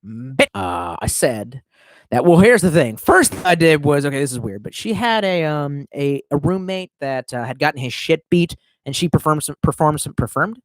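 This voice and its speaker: A man's voice: fairly high pitch, sing-song, normal speed, no room sound. A young man streaming, telling a long rambling story in casual, profane talk.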